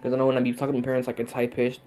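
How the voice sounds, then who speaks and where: A young man trading stories on a casual podcast. His voice sits at a middling pitch, and his manner is loose, jokey and heavy with swearing. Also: completely flat delivery, very fast, mellow. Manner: profane, joking, storytelling banter; bilingual, slips into Spanish. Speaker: podcast co-host. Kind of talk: casual chat.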